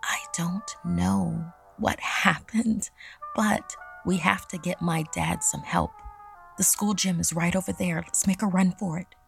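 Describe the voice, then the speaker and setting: A woman voicing a frightened teenage girl who talks in an urgent whisper, higher than her narration. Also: lively intonation, slow, gravelly, soft background music.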